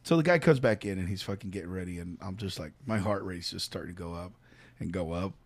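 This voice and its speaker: A podcast co-host tells a story in casual chat, talking fast in a low voice, swearing freely and animatedly acting out what people said. The sound is dry, with no room reverb.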